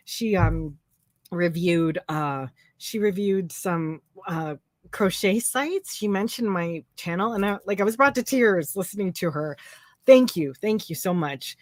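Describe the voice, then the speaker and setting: A woman's voice: mid-range voice, lively intonation, a little slow, no echo. A woman hosting a casual live stream, chatty and effusive, talking with lots of fillers. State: tearful, emotional. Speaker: host.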